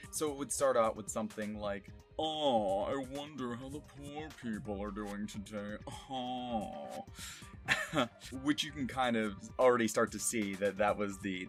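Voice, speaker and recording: A man, a voice actor, talking casually about his past character voices in a relaxed, self-deprecating way with frequent laughs. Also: on the low side. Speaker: voice actor and streamer. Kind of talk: casual retrospective talk.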